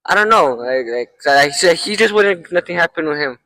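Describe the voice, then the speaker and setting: A man's voice: a little high, expressive, fairly quick, bright, forceful tone, rough recording. A young man hosting a podcast, telling a story in a rambling, profane way with lots of fillers. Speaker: podcast host. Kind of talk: casual storytelling.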